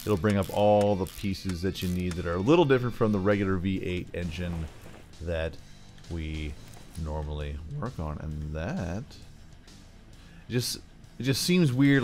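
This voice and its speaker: Brief: low-pitched Philly guy, rambling gameplay commentary, faint music under. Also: normal speed, a little mellow. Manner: chatty, rambling asides, playful voices. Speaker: gaming YouTuber.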